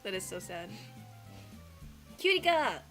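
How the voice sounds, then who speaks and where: A woman co-hosting a live art stream, chatting casually in a bubbly, emotionally expressive way. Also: medium pitch, slow. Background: faint Christmas music.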